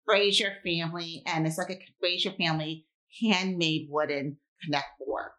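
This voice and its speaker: A woman's voice: on the low side, steady tone, normal speed, a bit bright. A woman with a New York accent co-hosting a casual podcast, talking with enthusiasm. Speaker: podcast co-host. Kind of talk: casual chat.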